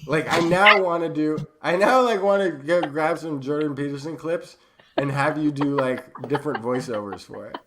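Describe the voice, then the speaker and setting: A man's voice: on the high side, moderate pace, heavy background noise. A man co-hosting a science podcast from home, rambling and searching for words in casual chat. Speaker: podcast co-host.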